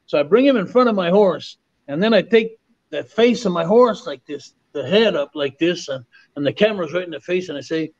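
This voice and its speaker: A man from Canada, a former wrestler and podcast guest, telling stories in a lively way and repeating phrases for emphasis. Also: on the high side, fast talker. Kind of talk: animated storytelling. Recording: dull lo-fi audio.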